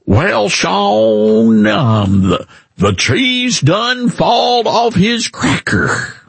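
A man doing a mocking impression of a folksy middle-aged male senator in a put-on thick Southern drawl, slow and twangy. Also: high-pitched, big pitch swings, vocal fry, breathy edge, no echo, voice pushed up, heavily acted. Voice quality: slow drawn-out hick twang.

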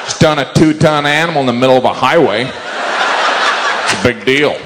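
A man's voice: mid-range voice, moderate pace. A man doing observational stand-up, playful and wry, often slipping into goofy voices. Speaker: stand-up comedian. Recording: live show with crowd and noise.

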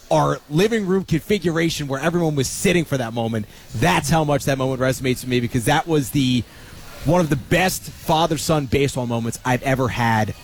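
A young man with a slightly high voice co-hosts a sports radio show. He talks in a casual, enthusiastic way and leans hard on the high points as he retells a story.

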